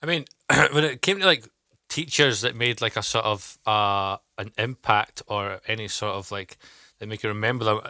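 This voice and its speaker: A man's voice: lowish voice, pushed and bright, no echo, studio quality. A young man reflecting in casual chat, hesitant and searching for words. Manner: halting, full of fillers and restarts. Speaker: podcast co-host.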